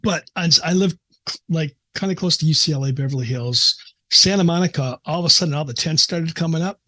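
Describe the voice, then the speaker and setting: Middle-aged man guest, husky, slightly high voice, earnest storyteller. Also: fairly quick, pushed and bright. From American Midwest. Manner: earnest, emotional storyteller, frequent restarts. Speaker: psychiatrist guest. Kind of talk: casual interview storytelling.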